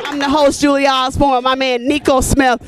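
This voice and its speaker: A woman's voice: high-pitched, little pitch movement, normal speed, over a noisy crowd, very noisy. A woman who hosts the show, enthusiastically hyping up a comedian in a backstage interview. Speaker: show host.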